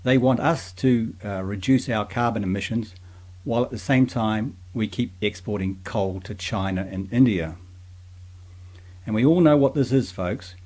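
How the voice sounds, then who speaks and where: A man's voice: fairly low pitch, a little mellow. A man hosting his own commentary channel, ranting bluntly and with scorn, calling his listeners folks. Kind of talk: opinion rant to camera.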